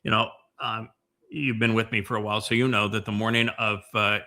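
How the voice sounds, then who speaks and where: Bright-voiced man rambling through commentary. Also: lowish voice, level tone. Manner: meandering, many fillers and restarts; emphatic, slows down on key points. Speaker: podcast host. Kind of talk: casual commentary chat.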